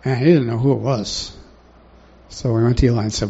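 A man's voice: medium pitch, brisk, gravelly, mellow, slightly rough. A man preaching a sermon in a conversational way, often putting questions to the congregation, in a dull lo-fi recording.

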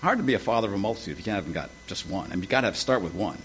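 A man's voice: low-pitched, lively intonation, racing, a bit bright, a little hiss or hum. A man preaching a sermon with folksy, humorous storytelling. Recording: dull lo-fi with faint ambience.

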